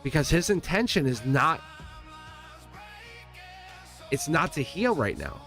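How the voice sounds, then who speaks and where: Guy doing a live tarot reading, earnest and rambly, keeps repeating himself, soft music underneath. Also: on the high side, very animated, slow. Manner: earnest, rambling, repeats phrases, self-corrects. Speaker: tarot reader.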